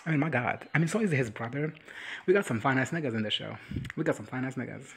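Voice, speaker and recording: A young man giving a crude, sassy comedic recap of a TV episode, acting out the characters in quick impressions. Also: mid-range voice, animated, vocal fry, slightly rough. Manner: crude, sassy running commentary with voiced impressions. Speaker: reaction video commentator.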